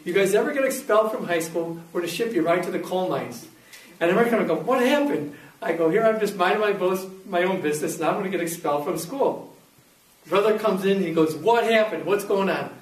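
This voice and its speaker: A high-voiced man tells a personal story with animated acted-out quotes. He sounds a little distant from the mic, in a room with a noticeable echo. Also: fast talker. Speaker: speaker giving a faith testimony. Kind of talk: storytelling talk.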